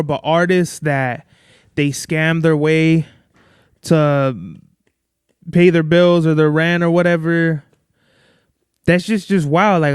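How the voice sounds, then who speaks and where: A man's voice: fairly high pitch, smooth, no room sound, studio quality. A young man hosting a podcast on his own, talking casually in a rambling, profane way. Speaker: podcast host. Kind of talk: casual solo podcast talk.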